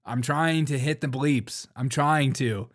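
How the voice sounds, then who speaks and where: A man hosts a live stream in a casual, slangy way. He laughs often and mocks what he reacts to, at an ordinary male pitch. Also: takes it slowly. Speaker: live-stream show host.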